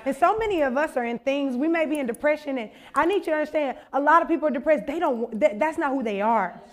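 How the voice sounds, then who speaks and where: A young woman with a bright, high voice gives a sermon. She chats loosely and jokes with her listeners, then builds to a passionate, urgent appeal. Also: animated, fast. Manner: conversational, humorous, building to impassioned exhortation. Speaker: conference speaker.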